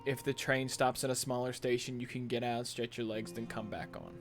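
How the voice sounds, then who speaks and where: A man narrating as game master of a tabletop role-playing game, relaxed and rambling with fillers. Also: mid-range voice, brisk, music in the background.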